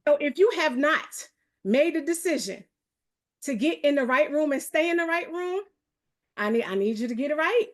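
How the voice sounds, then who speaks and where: High-pitched, upbeat New York woman. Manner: energetic, hype-building, fast, calls out to the audience. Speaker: host of a motivational accountability call. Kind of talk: live online motivational coaching.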